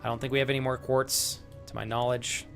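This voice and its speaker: A man talks casually with his live-stream audience while he plays, addressing viewers by name. His pitch sits in the middle and his delivery is chatty, with the occasional swear word. Game music plays faintly in the background. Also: flat delivery, a little fast, vocal fry, a bit bright.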